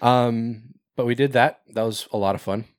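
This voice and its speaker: A man's voice: mid-range voice, steady tone, normal speed, smooth, dry recording, clean studio sound. A man hosting a podcast in casual chat, rambling, swearing and laughing often. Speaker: podcast host.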